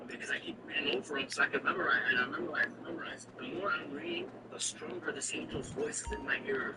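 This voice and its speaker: A man's voice: medium pitch, wildly swooping pitch, quick pace, few pauses. Earnest man telling a testimony, distant and noisy. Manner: earnest, emotional, repeats phrases. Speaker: person giving a religious testimony. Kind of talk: personal testimony storytelling. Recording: distant mic with loud background noise.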